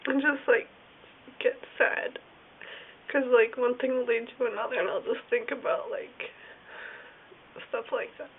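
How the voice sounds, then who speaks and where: A woman talking in a casual video diary, rambling and halting, with lots of "like" fillers. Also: a little high, steady tone. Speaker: vlogger. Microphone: phone or camera filming herself. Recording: tinny phone-like sound with faint hiss.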